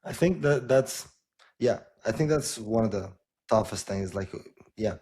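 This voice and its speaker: A man hosting a casual interview, asking questions in a laid-back, halting way with many restarts. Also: fairly low pitch, animated, a little mellow. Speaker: podcast host.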